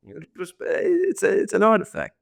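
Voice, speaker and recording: A man's voice: sits high, huge pitch swings, moderate pace, gravelly. A Scottish man in his sixties, a podcast guest who answers in rambling, self-deprecating stretches and restarts his sentences often. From Scotland. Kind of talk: podcast interview.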